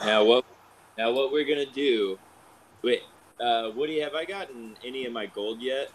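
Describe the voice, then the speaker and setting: A man playing a tabletop game, laying out a scheme in character in a relaxed, hesitant way. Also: mid-range voice, moderate pace, low-quality recording. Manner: laid-back, plotting, hesitant. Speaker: player. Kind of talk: casual tabletop role-play.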